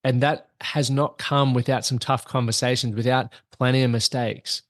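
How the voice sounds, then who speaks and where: A man's voice: mid-range voice, fairly even intonation, normal speed, no room sound, studio quality. A man hosting his own podcast as a coach, talking in an earnest, motivational, conversational way to his listeners. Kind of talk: solo podcast talk.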